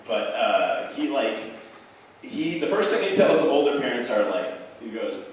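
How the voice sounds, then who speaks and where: A man's voice: a little high, big pitch swings, normal speed, a little mellow, slight background noise. A young man telling a rambling, profane stand-up story at a bar open mic, packed with fillers. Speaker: stand-up comic. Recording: echoey bar room heard from far off.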